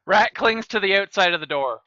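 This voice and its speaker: A man playing a tabletop role-playing game, playful and quick to laugh as he describes his character's moves. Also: high-pitched, expressive, sharp tone, no room sound. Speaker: player. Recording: dry, dull sound.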